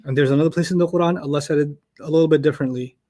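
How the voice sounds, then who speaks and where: A man teaching an Arabic lesson to a class, explaining word order with lively made-up examples and questions to the students. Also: on the high side, racing. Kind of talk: classroom lecture.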